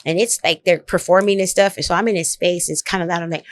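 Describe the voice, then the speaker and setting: A woman's voice: lowish voice, fast talker, few pauses, dry recording. Profane, blunt woman comedian telling stories. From Oak Cliff, Dallas area, Texas. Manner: blunt, profane, animated storytelling. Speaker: comedian guest. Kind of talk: casual storytelling interview.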